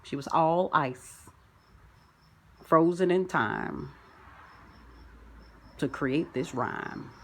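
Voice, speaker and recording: A woman's voice: sits low, drawn-out words, long pauses, a bit bright. A woman vlogging from home, rambling through a preachy spiritual monologue full of folksy sayings.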